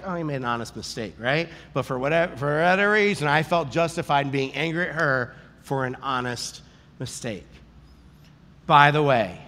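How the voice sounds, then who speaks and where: Pastor, male, slightly high voice, lively joking storyteller, sermon in a reverberant church hall. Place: large church hall with audience.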